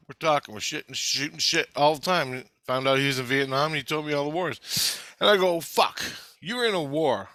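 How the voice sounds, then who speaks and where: Forceful, profane man telling stories. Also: medium pitch, no room sound. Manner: profane, intense, rambling storytelling. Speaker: vlogger recounting past-life memories. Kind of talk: casual spoken monologue.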